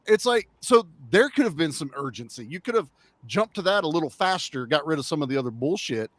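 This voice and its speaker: A man co-hosting a casual movie discussion, lively and profane, acting out characters. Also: fairly high pitch, a little fast, no room sound. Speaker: podcast co-host.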